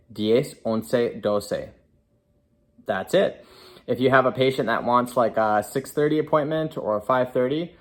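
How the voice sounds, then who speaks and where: A young man, a chiropractor and native English speaker, giving a casual beginner lesson in a chatty, step-by-step way, now and then correcting himself mid-sentence. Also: on the low side. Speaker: chiropractor teaching Spanish.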